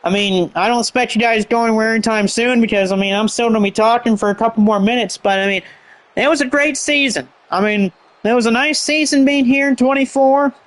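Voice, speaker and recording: A man's voice: very high voice, a little fast. A man doing rambling play-by-play commentary on a wrestling show, heavy on fillers.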